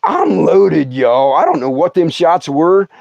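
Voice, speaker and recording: A man's voice: on the high side, huge pitch swings, a little slow, vocal fry, darkish tone, no room sound, highs cut off. A middle-aged man telling a comic story on a livestream, stammering, laughing often and putting on voices. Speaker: comedian. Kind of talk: storytelling stand-up.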